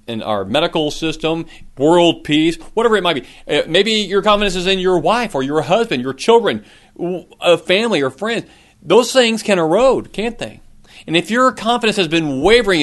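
A man's voice: on the high side, a bit bright. A middle-aged man preaching a sermon, earnest, asking his listeners questions, with a cough now and then. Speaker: pastor.

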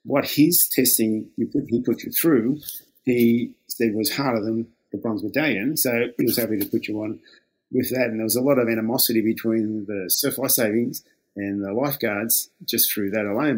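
A man's voice: on the low side, fairly quick, a little mellow, slightly rough. An older Australian man, a former lifeguard, telling stories in a laid-back way, acting out the quoted exchanges and chuckling often. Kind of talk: casual storytelling.

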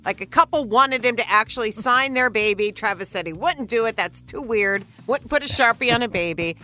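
A woman co-hosting a morning radio show, bubbly and quick to laugh. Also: fairly high pitch, pushed and bright. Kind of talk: playful morning radio banter.

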